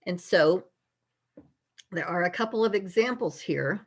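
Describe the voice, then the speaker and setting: A woman presenting an online webinar lecture, explaining casually and pausing now and then to sort out her slides. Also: fairly low pitch, animated, slightly rough. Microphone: computer mic in an online webinar.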